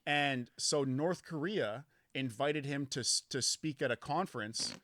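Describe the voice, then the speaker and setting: A man's voice: mid-range voice, measured pace, fairly bright tone, no room sound. Canadian man telling a rambling story. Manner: rambling, swears freely, many restarts. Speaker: podcast guest. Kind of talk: casual storytelling chat. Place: basement studio.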